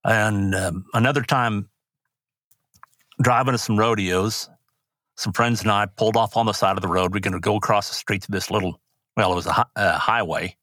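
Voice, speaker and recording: A man's voice: on the low side, steady tone, normal speed, pushed and bright, no room sound, studio quality. Older man telling earnest stories. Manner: earnest, rambling anecdotes with restarts. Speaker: guest, rodeo announcer. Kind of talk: personal storytelling interview.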